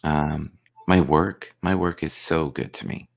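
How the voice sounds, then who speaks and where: A man with a very low, deep voice hosts a relaxed live stream chat. He rambles, repeats words as he gets started, and drifts into absurd, playful stories. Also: unhurried, creaky. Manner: joking, tells offbeat absurd stories.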